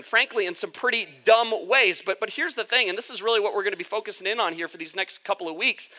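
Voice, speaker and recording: A pastor preaching a sermon in a bright, forward voice. The delivery is candid and confessional, openly admitting personal struggles to the congregation. The tone stays conversational. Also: medium pitch.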